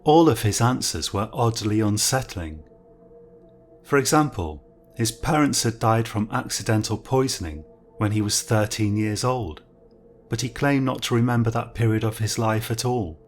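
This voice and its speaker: Male horror storyteller, measured and low, soft music under. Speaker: narrator. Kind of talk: scripted horror narration.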